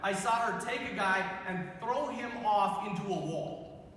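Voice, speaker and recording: A high-voiced young man gives an animated youth talk in a big school gym, acting out quoted voices as he tells his stories. His voice rings with heavy echo and a long reverb tail across the room. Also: unhurried, a little hiss or hum. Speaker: priest.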